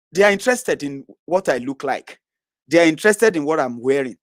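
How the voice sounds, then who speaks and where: A man's voice: on the high side, expressive, a little fast, no room sound, studio quality. A man, delivering a combative, scornful political rant full of "eh" tags. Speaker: political commentator. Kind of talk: impassioned social media rant.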